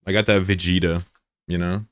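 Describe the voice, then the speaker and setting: A man's voice: low-pitched, little pitch movement, moderate pace, no echo. A man streaming live, chatting casually with his viewers, joking and swearing as he banters with chat.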